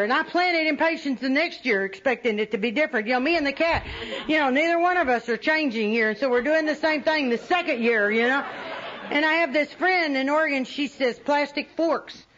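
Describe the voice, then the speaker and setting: High-voiced woman telling funny stories. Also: fairly bright tone. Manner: humorous, self-mocking, laughs often while telling. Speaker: recovery meeting speaker. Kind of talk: personal storytelling to a meeting. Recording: dull lo-fi recording with faint audience.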